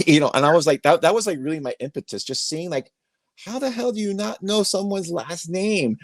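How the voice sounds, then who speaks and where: A man's voice: fairly high pitch, animated, moderate pace, no echo. A man hosting an interview podcast from his bedroom, talking emphatically in a rambling storytelling way, recorded on a phone. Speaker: podcast host. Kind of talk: casual interview chat. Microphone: iPhone.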